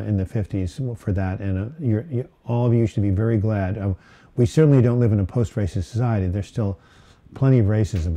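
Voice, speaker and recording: Dark-voiced man hosting a live Q&A. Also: lowish voice. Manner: rambling, with many uh fillers and restarts. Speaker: host of a live mental health Q&A. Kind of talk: casual live-stream chat, reading viewer questions. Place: home setting, Portland.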